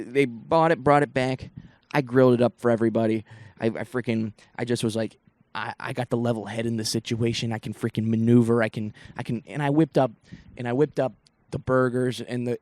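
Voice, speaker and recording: A man's voice: mid-range voice, fairly even intonation, a little fast, darkish tone, dry recording. A young man from Northeast Ohio, a comedian, telling rambling stories on his solo podcast with lots of swearing and asides. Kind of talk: casual solo podcast storytelling.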